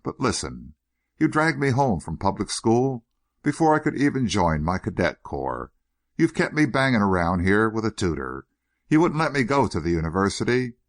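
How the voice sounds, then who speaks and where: A man acts out an impulsive nineteen-year-old who strains against his elders in urgent, pleading bursts. The voice sits low but leaps around with agitation, sing-song at a moderate pace.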